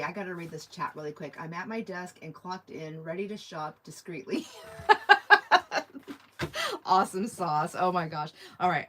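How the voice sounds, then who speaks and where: A woman's voice: on the low side, a little hiss or hum. A woman hosting a live online sale, chatting casually and rambling as she reads viewer comments aloud. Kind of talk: casual live-stream sales chat.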